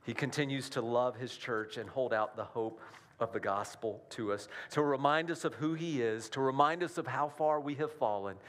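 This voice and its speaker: A man's voice: mid-range voice, normal speed, a bit bright. A male pastor giving a sermon in a conversational style, often checking in with the congregation through rhetorical questions.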